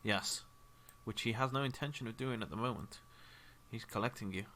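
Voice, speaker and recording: A man's voice: mid-range voice, a little fast, sharp tone. A man running a tabletop game as game master, chatting casually and checking the rules.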